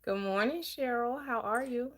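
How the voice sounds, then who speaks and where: Upbeat woman hosting a live stream. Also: a little high. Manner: upbeat, repeats greetings in quick bursts. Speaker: host of a live-streamed book club. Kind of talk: live-stream chat and discussion.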